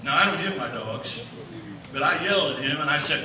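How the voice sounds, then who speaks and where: Pastor guy telling a folksy story in a sermon, high-ish voice, heard from far back in a big echoey church. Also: animated, brisk, background noise. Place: church sanctuary.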